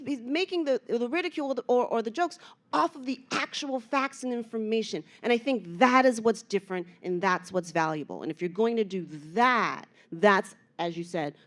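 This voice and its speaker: A woman on a convention panel, talking in a lively way with quick restarts. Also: a little high. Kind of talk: panel discussion.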